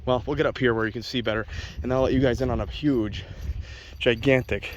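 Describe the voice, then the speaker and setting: A man speaking to camera outdoors as a dog trainer, blunt and opinionated in a casual vlog way. He talks straight to his viewers at an everyday pitch. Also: steady tone, a little fast, a little hiss or hum.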